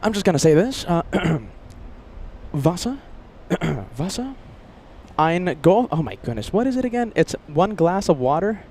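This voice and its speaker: A man's voice: high voice, expressive, fairly quick, few pauses, a little mellow, slight background noise. An upbeat, chatty man hosting a casual livestream outdoors near an airport and reading viewer messages. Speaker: livestream host.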